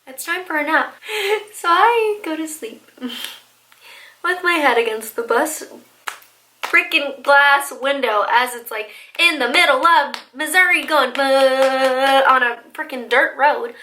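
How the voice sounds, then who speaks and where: A woman in her twenties tells a storytime vlog in an excitable, animated way, with plenty of likes and laughter. Her voice sits high and sounds bright and forward. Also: a little slow, slight background noise, rough recording. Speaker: vlogger.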